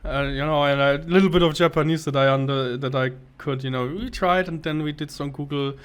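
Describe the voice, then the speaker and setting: A man's voice: a little high, steady tone, a little fast, clear, resonant tone. A man co-hosting a podcast, telling a story in a rambling, casual way with many restarts. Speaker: podcast co-host.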